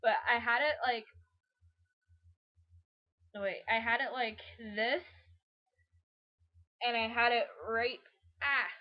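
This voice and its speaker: Young woman vlogger, high voice, loose rambling chat to camera. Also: muffled recording. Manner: rambling, chatty, lots of fillers. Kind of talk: casual vlog narration.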